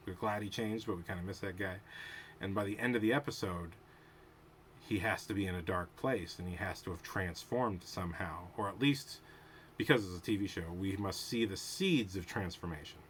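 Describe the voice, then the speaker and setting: With a low-sitting, fairly bright voice and a little hiss or hum in the recording, a show host reviews a TV episode on his own program. His analysis is casual and discursive, full of tangents and thinking aloud with restarts.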